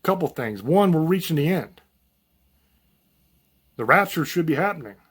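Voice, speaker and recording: A man talks straight to his viewers in a loose, rambling monologue, blunt and folksy and quick to swear. His voice sits a little on the high side. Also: expressive, slightly rough. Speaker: channel host. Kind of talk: unscripted monologue to camera.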